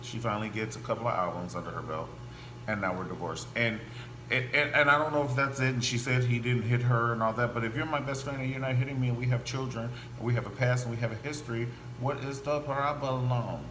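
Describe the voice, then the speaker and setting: A man hosting a gossip show, talking in a campy, animated style full of asides and exaggerated voices. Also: medium pitch, fast talker. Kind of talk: casual celebrity gossip monologue. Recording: echoey room with faint hum.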